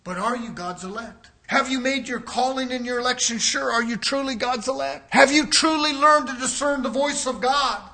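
Male preacher, high bright tone, quiet teaching swelling into shouted exhortation. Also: fairly even intonation, normal speed, hardly any pauses. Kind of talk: sermon.

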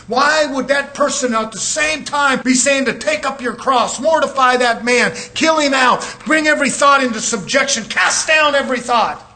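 A man preaching a fiery sermon, shouting and driving his points home with rising intensity. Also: extremely high pitch, normal speed, few pauses.

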